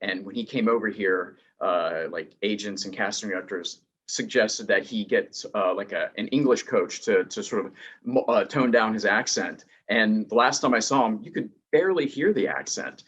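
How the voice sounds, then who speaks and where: A man's voice: on the low side, normal speed, fairly bright tone, breathy edge, lo-fi sound. A man interviewing a guest, asking loose questions with many fillers.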